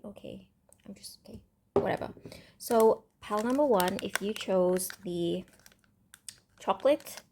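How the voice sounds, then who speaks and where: Husky woman rambling through a tarot reading. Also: mid-range voice, darkish tone. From Indonesia. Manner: rambling, thinking aloud with many ums. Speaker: tarot reader. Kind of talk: casual tarot reading to camera. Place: home room with construction noise next door.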